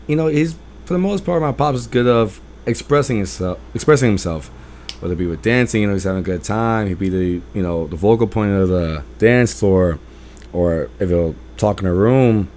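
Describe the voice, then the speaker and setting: A man with a lowish voice hosts his own podcast, telling personal stories in a casual monologue. He talks loudly and with emphasis. He rambles and restarts his sentences as he goes. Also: moderate pace. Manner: loud-spoken and emphatic. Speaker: podcast host.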